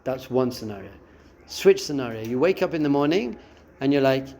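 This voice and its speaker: A rabbi teaches a class at a brisk clip in a mid-range voice, with slight background noise. In his spiritual lesson he acts out, expressively, the inner voices and quotes of a listener.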